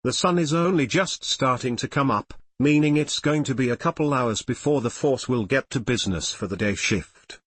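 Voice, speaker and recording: A man's voice: mid-range voice, moderate pace, few pauses, slightly rough, no room sound, natural voice. A man voicing a playful, boastful teenage boy who jokes and sulks, in an audiobook reading of fan fiction.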